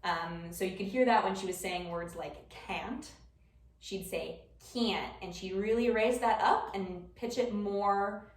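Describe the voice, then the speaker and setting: A woman's voice: mid-range voice, a little slow. A young woman with a Wisconsin accent giving a casual class presentation, chatty and informal with frequent ums. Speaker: student presenter. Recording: roomy classroom from far off.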